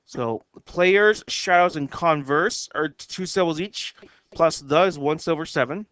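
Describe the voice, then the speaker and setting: A man walks through a lesson at an unhurried, careful pace, reading each poem line out word by word. His voice sits high and comes across smooth and clear. The sound is dry, with no room around it. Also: a bit bright, no echo. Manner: slow and careful, reads lines out word by word. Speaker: teacher. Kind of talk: explaining haiku syllable counts.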